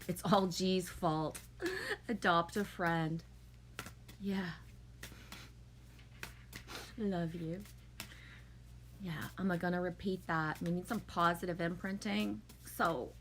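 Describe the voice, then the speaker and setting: A woman with a fairly low voice hosts a casual livestream. She chats with her audience and answers their comments in a warm, emotional way. A faint background noise sits under her voice. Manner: chatty, emotional, reads and answers viewer comments. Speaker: livestream host. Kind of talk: casual chat with a live audience.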